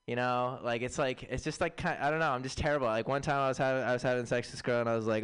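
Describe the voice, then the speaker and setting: Man, stand-up comic, deadpan one-liners, rambling asides, smooth clear voice, dry stage mic. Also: mid-range voice, rapid-fire, hardly any pauses, no echo. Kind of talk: open-mic stand-up set. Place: comedy stage with PA mics.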